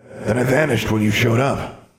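A man voicing the ghost of an aging wizard in a fantasy audiobook, speaking softly and kindly, trying to placate. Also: mid-range voice, steady tone, normal speed, pitched above the performer's own voice, natural voice. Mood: calm, pleading. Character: gentle regretful ghost of an aging male wizard.

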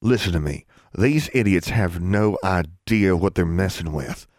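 A scowling sixteen-year-old who barks orders and growls his warnings, as a man reads him aloud. The voice stays deep and low, and it is recorded dry and close. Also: a little slow, no room sound. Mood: stern. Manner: growling, clipped commands. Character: stern commanding sixteen-year-old boy.

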